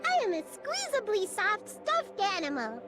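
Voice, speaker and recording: A squeaky, cutesy stuffed rabbit teacher from a video game, with a sugary sing-song delivery. Her voice is very high and leaps all over the place, with game music loud behind her. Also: huge pitch swings, a little slow, full character voice. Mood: sweet. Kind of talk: anime game dub voice acting.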